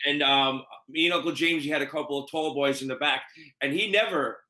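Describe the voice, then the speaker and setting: A man hosting a casual chat over a video call, telling stories in an animated way and swearing freely. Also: on the high side, brisk, roomy sound, low-quality recording. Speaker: podcast host.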